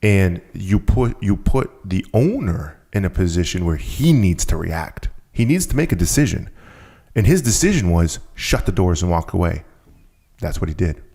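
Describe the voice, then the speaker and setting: A man's voice: deep voice, very animated, normal speed, vocal fry, warm tone, breathy edge. A man talking as a podcast guest, telling a story and acting out the people he quotes. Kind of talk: storytelling conversation.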